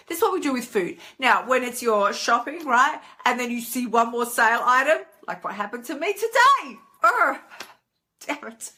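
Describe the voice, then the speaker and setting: Chatty, bright-voiced woman. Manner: chatty and animated, with big pitch swings for acted inner voices. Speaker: host. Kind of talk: casual live-stream monologue.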